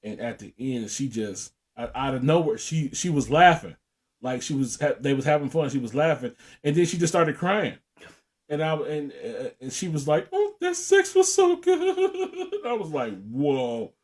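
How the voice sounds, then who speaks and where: A man's voice: mid-range voice, moderate pace. A young man co-hosting a podcast, telling a profane story in casual chat and laughing often. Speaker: podcast co-host.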